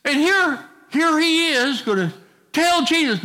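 A man's voice: very high voice, animated, takes it slowly, sharp tone. A middle-aged male pastor preaching a sermon in a folksy, conversational way, with casual asides to the congregation.

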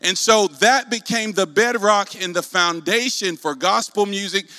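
Southern male preacher, high bright tone, roomy hall, call-and-response delivery. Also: unhurried. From North Carolina, US South. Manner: call-and-response, occasional shouts. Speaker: guest preacher. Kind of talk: preaching talk. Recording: hall reverb.

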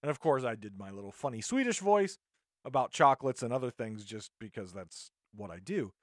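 A man's voice: medium pitch, very animated, brisk, no echo, clean studio sound. A man hosting a podcast, ranting indignantly in a monologue and often restarting his sentences. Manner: indignant, rambling with frequent restarts. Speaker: podcast host.

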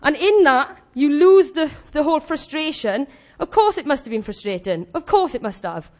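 High-voiced animated woman preaching. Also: normal speed. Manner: animated, chatty, laughs often and acts out quoted voices. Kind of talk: sermon.

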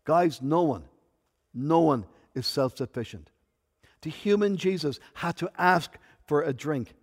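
A man's voice: on the high side, measured pace. Preaching man in a reverberant hall. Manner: rises to loud emphatic peaks, drops to soft intimate asides. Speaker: pastor. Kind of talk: sermon.

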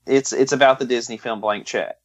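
A man co-hosting a podcast in casual chat, deadpan and jokey, sometimes drifting into a put-on drawl. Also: mid-range voice, brisk, muffled recording. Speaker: podcast co-host.

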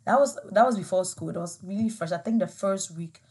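A young woman from Ghana with a Ghanaian accent, telling a personal story to camera in an animated, emotional way, laughing often. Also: medium pitch, fairly quick. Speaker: vlogger.

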